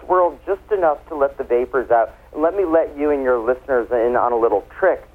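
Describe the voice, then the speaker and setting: A chatty man talks wine with easy, playful explanations, his voice sitting in a middling pitch. He comes through a thin, tinny phone line. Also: brisk. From United States. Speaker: wine expert guest. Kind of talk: casual radio interview.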